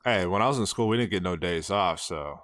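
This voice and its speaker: Male podcast host, low voice, eager, dry close mic. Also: fairly bright tone, no echo. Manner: enthusiastic, quick to laugh and hype up his guest. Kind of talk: casual podcast interview.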